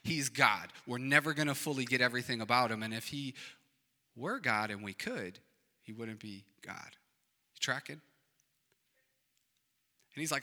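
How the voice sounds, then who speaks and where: Bright-voiced preacher in a reverberant hall. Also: male voice, mid-range voice, lively intonation, normal speed, pauses often. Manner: dynamic, swinging from loud emphatic to hushed. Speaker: pastor. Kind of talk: sermon. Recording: long reverb of a large hall.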